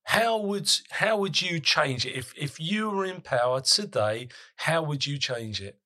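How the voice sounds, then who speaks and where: A man hosts an interview and speaks with passion and emphasis, circling back over his words. His voice is bright and forceful, pitched slightly high for a man. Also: expressive, a little slow. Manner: impassioned, emphatic, repeats himself. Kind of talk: podcast interview.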